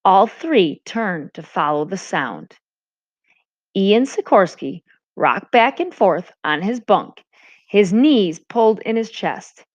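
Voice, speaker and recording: A woman, a teacher, reading a novel aloud to a class with a brisk, expressive delivery. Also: mid-range voice. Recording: dull lo-fi recording.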